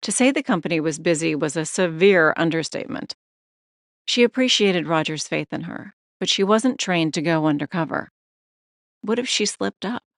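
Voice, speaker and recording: Low-voiced woman narrating an audiobook. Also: animated, moderate pace, dry recording, clean studio sound. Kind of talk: scripted narration.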